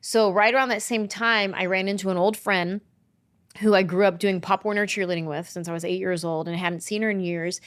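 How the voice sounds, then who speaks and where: Woman in her forties from san jose, animated storyteller, middle pitch. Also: fairly quick. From San Jose, California. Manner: animated, acts out quoted voices. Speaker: comedian guest. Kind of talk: casual storytelling interview.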